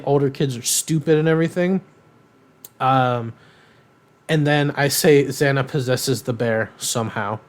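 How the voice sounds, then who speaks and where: Rambling young man recapping a cartoon. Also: mid-range voice. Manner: rambling, filler-heavy, animated retelling with quoted voices. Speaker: podcast co-host. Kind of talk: casual chat recapping a cartoon.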